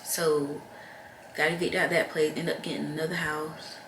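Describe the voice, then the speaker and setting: Young woman vlogger, low voice, frank and weary, talking to camera in an echoey room. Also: little pitch movement, normal speed, noisy background. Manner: frank, heavy-hearted, addresses viewers directly. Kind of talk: candid personal storytelling to camera. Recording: roomy echo with faint ambience.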